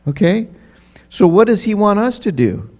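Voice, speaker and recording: A pastor giving a children's story in a church. He is lively and keeps asking the children questions. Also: sits high, normal speed. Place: church sanctuary.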